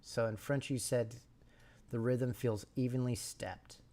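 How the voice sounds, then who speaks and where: A man streaming a language study session, thinking aloud and slowly repeating syllables to practice pronunciation, sometimes dropping to a whisper. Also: medium pitch, fairly even intonation, dark tone. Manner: slow, repeats sounds and syllables, drops to a whisper at times.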